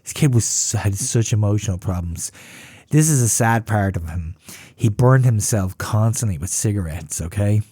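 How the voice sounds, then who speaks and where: Man in his fifties, casual profane storyteller, lively pitch, dry close sound. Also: normal speed, husky, no room sound. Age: 50s. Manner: profane, laughing, animated. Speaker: podcast host.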